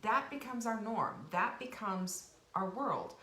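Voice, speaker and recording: A woman's voice: mid-range voice, expressive, slow, sharp tone. A woman hosting a casual motivational live stream, chatty and encouraging, with frequent restarts and asides. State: sniffly from dust, coughing now and then. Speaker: host of a cooking and life show. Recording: roomy home live stream, faint hiss.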